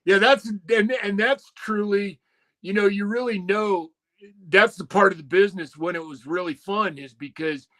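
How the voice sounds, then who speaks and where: High, bright-voiced host, profane, eager, conversational. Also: male voice, moderate pace. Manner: swears constantly, eager questioning. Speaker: podcast host. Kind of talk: casual interview chat.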